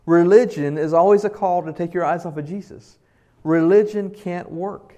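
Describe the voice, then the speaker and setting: Heard through lo-fi sound, a male pastor preaches earnestly at a moderate pace, his voice somewhat high. He alternates between loud, emphatic stretches and soft ones while questioning the congregation.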